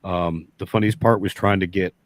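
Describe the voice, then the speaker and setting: A man's voice: low voice, steady tone, moderate pace. A man, a beekeeper guest telling a long folksy story in casual chat, rambling and restarting often.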